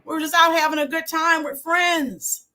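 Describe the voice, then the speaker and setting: Her voice is extremely high and sharp, with little pitch movement, at a normal speed over soft background music. A middle-aged woman who runs her own YouTube channel and teaches, she chats casually with viewers live, reminiscing and answering them by name.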